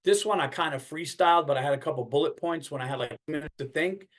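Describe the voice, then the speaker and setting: A man's voice: fairly high pitch, fast. A middle-aged man hosting a podcast, telling a story in a casual, comedic way, swearing and acting out the people he quotes. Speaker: podcast host.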